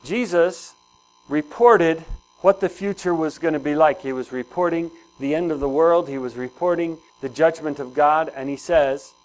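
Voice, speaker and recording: A man's voice: fairly high pitch, normal speed, rough recording. A man preaching a sermon in a conversational way, asking the congregation questions and repeating key phrases. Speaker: pastor.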